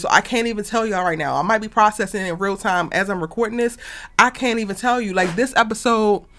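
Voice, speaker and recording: A woman reviewing a TV episode in a casual, animated and exasperated way, talking straight to her viewers. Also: mid-range voice. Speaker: TV review vlogger.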